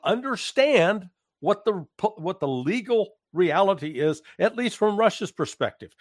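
A man giving political commentary in conversation, emphatic and halting, with restarts and fillers. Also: high voice, expressive, no echo, clean studio sound. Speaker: guest commentator.

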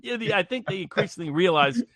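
A man talking politics in a loose, conversational way, often stumbling over and repeating his first words before pressing on into long, connected arguments. His voice sits a little high for a man and sounds dry and close, with almost no room around it. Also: animated, fast, a bit bright, no room sound. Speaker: political commentator, guest. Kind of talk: casual political discussion.

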